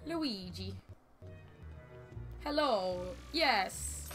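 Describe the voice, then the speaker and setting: A woman streaming a video game, chatting casually, swearing freely and breaking into sudden loud exclamations. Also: medium pitch, animated, moderate pace, soft background music. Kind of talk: casual gaming commentary.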